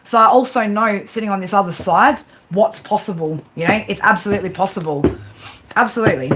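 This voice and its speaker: Speaking fairly quickly at a medium pitch, this female tarot reader has a slightly bright tone, with a little hiss or hum on the recording. She delivers live readings bluntly, swearing a lot, rambling on and constantly ending lines with "right?" in a tough-love manner.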